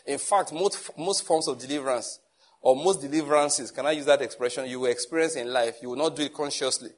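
A man's voice: medium pitch, fast talker. A man preaching a sermon in a conversational way, acting out little dialogues as he teaches. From Nigeria.

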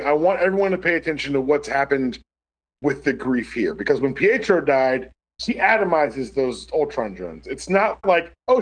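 A man hosting his podcast, talking casually and emphatically, swearing and joking as he makes his case. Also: fairly high pitch. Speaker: podcast host.

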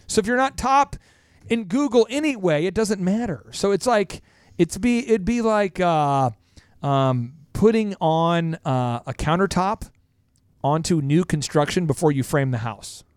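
Man, business podcast host, energetic, rambling analogies, slightly high voice, dry close sound. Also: measured pace, clear, resonant tone, dry recording. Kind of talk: casual podcast chat.

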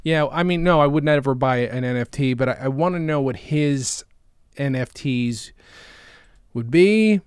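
A young man co-hosting a casual comedy podcast, animated and jokey, slipping into silly voices. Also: medium pitch, measured pace, clean tone, no echo, studio quality. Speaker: podcast co-host.

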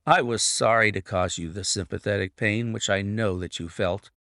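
A man reading an audiobook, voicing a brilliant male detective explaining a case in a measured, deliberate way. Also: fairly low pitch, bright, forceful tone, no echo, studio quality.

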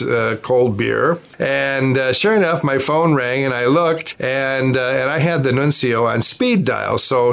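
A man's voice: mid-range voice, vocal fry, fairly bright tone. An older man, a bishop, telling a personal story in a chatty way, with many fillers and restarts. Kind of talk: anecdotal storytelling.

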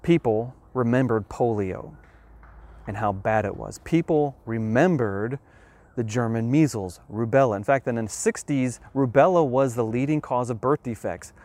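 A man giving an earnest, emphatic explanatory monologue about science, with measured pauses. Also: mid-range voice, darkish tone.

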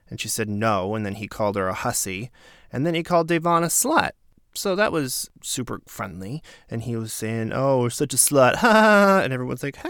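Gravelly sarcastic man recapping a show. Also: on the low side, no echo, clean studio sound. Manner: opinionated, sarcastic, animated asides. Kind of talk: casual recap commentary.

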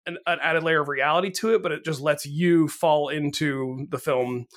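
An American podcast host chats casually, using lots of fillers and laughing frequently. His voice is a little high and a bit bright, at a moderate pace.

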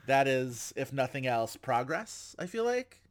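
A man's voice: mid-range voice, very animated, a little slow. A man hosting a podcast in casual chat, with a wry, joking delivery. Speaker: podcast host.

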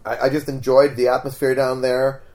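With a mid-range voice and brisk delivery, a man from Sweden chats as a guest in a casual at-home interview. His relaxed storytelling has a Swedish accent, frequent restarts, and repeated "like."

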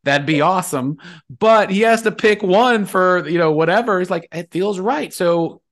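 A man co-hosting a podcast in casual chat, relaxed and talkative, acting out what people say. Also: sits high, moderate pace. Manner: relaxed, chatty, acts out quotes. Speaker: podcast co-host.

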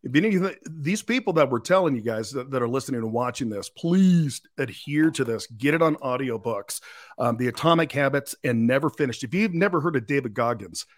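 A man's voice: mid-range voice, animated, a little fast. A man, a real estate agent guest on a podcast, chatting casually and energetically, often repeating words.

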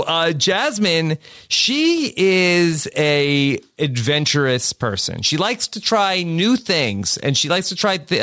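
Chatty male podcast host, high tenor, lots of lift in his delivery. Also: sharp tone, dry recording, clean studio sound. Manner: laughing, chatty recap with restarts. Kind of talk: casual chat.

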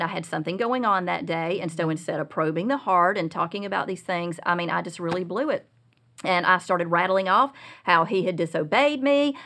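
A middle-aged woman telling a personal parenting story as a guest, earnest and confessional, growing animated when she retells scenes. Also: lowish voice. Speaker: guest speaker on Christian parenting.

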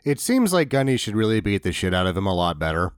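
A man's voice: on the low side, sing-song, fast talker, clear, resonant tone, no echo, clean studio sound. A man co-hosting a podcast, chatting playfully about a movie and swearing freely. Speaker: podcast co-host. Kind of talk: casual movie recap chat.

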